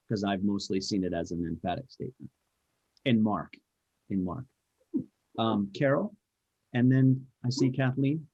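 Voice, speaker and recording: Bible study leader, male, measured and hedging, dull dry recording. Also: medium pitch, a little mellow, no room sound. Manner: thoughtful, hedging, frequent restarts. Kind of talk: group discussion teaching.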